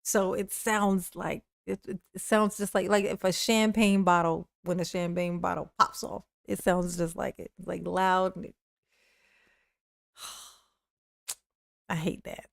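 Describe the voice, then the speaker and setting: A woman streamer with a lowish, gravelly, fairly monotone voice speaks slowly while reacting to court clips in a livestream. She mocks the clips, laughs often, and answers her viewers' chat, all in a dry, studio-quality recording with no room sound.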